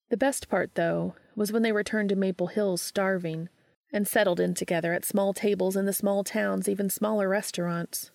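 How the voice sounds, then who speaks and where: A woman narrating a story aloud in a calm, even storytelling manner. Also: mid-range voice, normal speed, vocal fry, no room sound, studio quality. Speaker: podfic reader. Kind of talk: audiobook narration of fan fiction.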